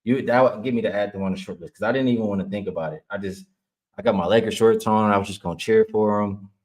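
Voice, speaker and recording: A man's voice: on the low side, quick pace, a little mellow. A man hosting a sports betting livestream, casually reading viewer chat aloud and answering it. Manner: casual, heated when ranting at a chat troll; laughs often while reading comments. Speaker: sports betting show host.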